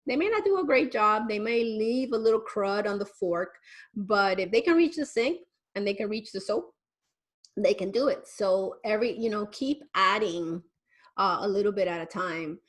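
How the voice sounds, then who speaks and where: A woman's voice: mid-range voice, lively intonation, normal speed. A woman who works as a parenting educator, answering viewers' questions in a conversational way and sometimes acting out the voices of parents and children. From Miami. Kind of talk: live Q&A advice talk.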